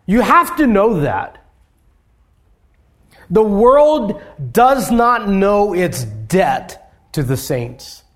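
A male pastor delivers an expository sermon in an unhurried, deliberate cadence. His voice sits high for a man. He lifts his voice on emphatic points and lets phrases fall away softly at their ends. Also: sing-song. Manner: measured preaching with emphatic rises and soft drops.

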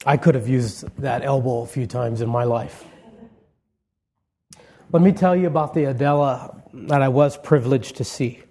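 Mellow-voiced pastor giving a eulogy. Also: male voice, medium pitch, normal speed, breathy edge. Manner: conversational storytelling with warm humor and frequent restarts. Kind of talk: funeral eulogy sermon. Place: church sanctuary.

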